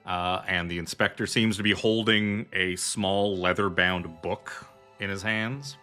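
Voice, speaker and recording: Bright-voiced man running a tabletop game. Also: low-pitched, steady tone, a little slow, clear, resonant tone, faint music behind. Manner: loose and rambling, full of fillers. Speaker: game master.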